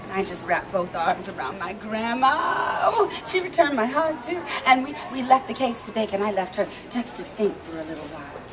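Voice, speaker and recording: A woman telling a story live to an audience, lively and coaxing the crowd to call back. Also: medium pitch, fairly quick, hardly any pauses. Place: outdoor theme park stage. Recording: noisy live outdoor recording.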